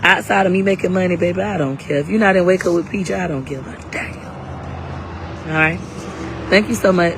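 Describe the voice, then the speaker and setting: A woman's voice: fairly low pitch, a little fast, pauses often, background noise. A woman selling her class live on her phone outdoors, brash and hyped, talking in slang while a little under the weather. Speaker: live-stream seller and coach. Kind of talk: casual livestream sales talk.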